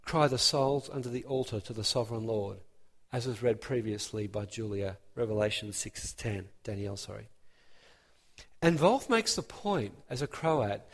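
A man preaching a sermon, emphatic and animated, building his points with rising emphasis. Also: medium pitch, big-room sound.

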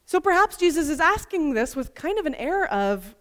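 A woman giving an expressive, emphatic Bible teaching full of rhetorical questions. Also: sits high, normal speed, few pauses. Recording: long reverb.

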